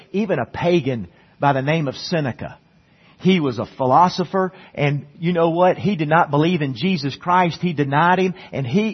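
A preacher with a husky, slightly high voice delivers an earnest sermon. He climbs to loud, emphatic peaks and drops into soft, low stretches, repeating words as he gets going. The recording is dull and lo-fi. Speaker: pastor.

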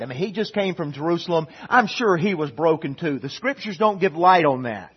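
A man preaching a sermon in a church, moving from quiet asides to emphatic repeated lines, on a dull lo-fi recording. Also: fairly high pitch, lively intonation, brisk, few pauses, slightly rough. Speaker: pastor. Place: church sanctuary.

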